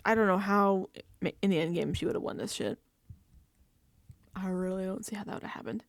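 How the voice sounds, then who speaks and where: A woman hosting a reality TV recap, ranting casually and acting out quotes in an exasperated, animated way. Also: mid-range voice, a little fast, long pauses, no echo.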